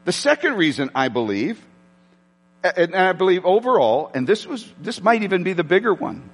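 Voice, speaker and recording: A man's voice: high voice, very animated, brisk, husky, in a large hall. A man preaching a sermon with passion, shifting into dramatic readings of scripture in a church sanctuary. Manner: impassioned, dramatic shifts when quoting scripture. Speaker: pastor.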